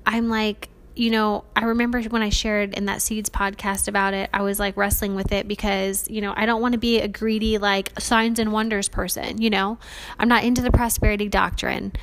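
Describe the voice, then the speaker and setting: A woman's voice: medium pitch, level tone, normal speed. Woman, podcast host, faith testimony, earnest, chatty, casual fillers, mid-range voice. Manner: earnest, chatty, many fillers like "like" and "you guys".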